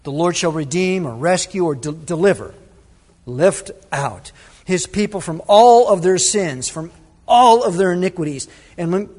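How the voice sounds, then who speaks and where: A man preaching a sermon as pastor, earnest, with dramatic pauses and quoted prayers. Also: high-pitched, darkish tone. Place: church sanctuary. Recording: long reverb of a church hall.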